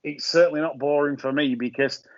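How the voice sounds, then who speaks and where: A man's voice: on the high side, fairly even intonation, a little fast, no echo, lo-fi sound. Chatty man previewing horse races. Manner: chatty, hesitant restarts, laughs at own jokes. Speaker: podcast host. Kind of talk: casual racing tipster chat.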